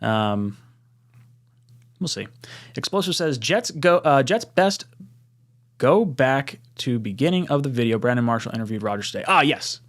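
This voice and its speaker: A young man chats casually on his live stream, reading viewer comments aloud. He sounds excitable, laughs easily and often bursts into a higher voice when worked up. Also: moderate pace, long pauses.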